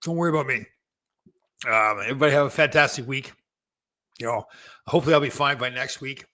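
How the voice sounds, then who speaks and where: Bright-voiced man hosting a rambling chat. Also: mid-range voice, fast talker. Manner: rambling, searches for names, self-correcting. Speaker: show host, former hockey player. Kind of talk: casual live show chat.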